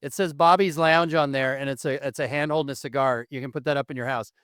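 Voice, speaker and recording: A man's voice: mid-range voice, fairly even intonation, fast, a bit bright, clear, resonant tone, no room sound, clean studio sound. A man co-hosting a podcast, effusive and full of praise, telling stories in casual chat. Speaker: podcast co-host.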